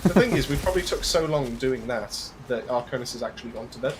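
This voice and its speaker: A man's voice: mid-range voice, animated, fast talker, background noise. A man co-hosting a game stream, chatting casually, joking and rambling with frequent laughs. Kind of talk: casual banter while gaming.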